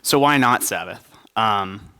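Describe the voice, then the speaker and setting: A man's voice: on the low side, expressive, takes it slowly, pushed and bright, clear, resonant tone, long reverb tail. A young adult man preaching a conversational sermon at a church service, joking and asking the congregation questions. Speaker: pastor.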